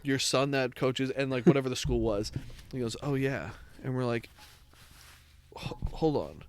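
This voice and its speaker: A man's voice: medium pitch, steady tone, moderate pace, clean tone. A young man with a New England accent, hosting a podcast and telling a long story in casual, rambling speech full of "like" and swearing. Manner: rambling, heavy swearing, lots of "like". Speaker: podcast host.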